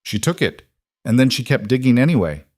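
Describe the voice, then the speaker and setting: A man voicing a desperate older male ranch bookkeeper who pleads, his voice rising higher than the narration. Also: sing-song, brisk, a little mellow, dry recording, clean studio sound.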